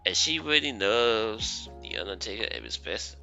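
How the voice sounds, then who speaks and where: A man co-hosting a casual reaction commentary, loud and swearing, laughing at his own jokes. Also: lowish voice, sing-song, moderate pace, creaky, dull audio, soft background music. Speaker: co-host reacting to clips.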